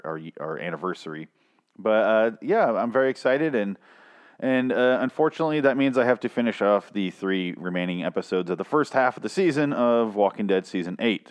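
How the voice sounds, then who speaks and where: A man hosting a podcast, ranting in a casual, sarcastic review full of swearing. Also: low-pitched. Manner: profane, sarcastic, frustrated. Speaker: podcast host.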